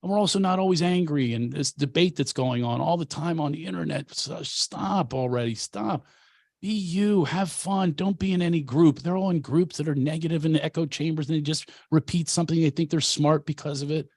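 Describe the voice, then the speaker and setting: A man's voice: a little high, fairly quick, vocal fry, darkish tone, no room sound, studio quality. A comedian and coach from Philadelphia, a man telling brash, self-mocking stories in casual chat.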